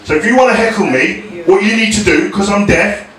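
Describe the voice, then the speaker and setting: A young man from England with a South London accent doing a hesitant, deadpan stand-up set, full of ums, and talking back to hecklers. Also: sits high, brisk. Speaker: stand-up comedian. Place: comedy club. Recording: echoey club from far off. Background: crowd laughter.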